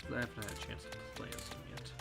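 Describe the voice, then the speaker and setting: A man streaming a kart racing game, chatting casually with an animated, rambling manner full of restarts. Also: fast talker. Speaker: streamer and voice actor. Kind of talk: casual chat while gaming. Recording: game music playing behind.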